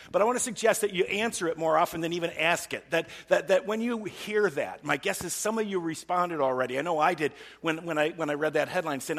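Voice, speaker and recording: A man's voice: on the high side, fast, few pauses, a bit bright. A man preaching a conversational sermon as pastor, putting rhetorical questions to the congregation. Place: church service. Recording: long reverb of a large hall.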